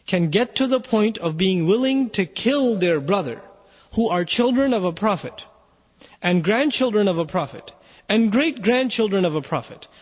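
High-voiced man preaching urgently in a hall. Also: slightly rough. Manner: earnest, urgent, emphatic. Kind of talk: sermon.

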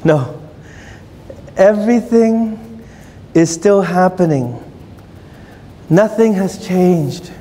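Man, sermon, slow unhurried delivery, questions to the audience, long echoing hall. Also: high-pitched, lively intonation, mellow, slight background noise. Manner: storytelling, asks the audience questions. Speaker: preacher.

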